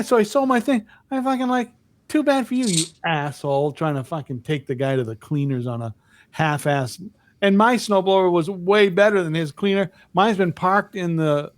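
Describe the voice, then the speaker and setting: A man's voice: on the high side, no echo. A middle-aged man co-hosting a podcast, telling rambling, profane stories in casual chat. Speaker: podcast co-host.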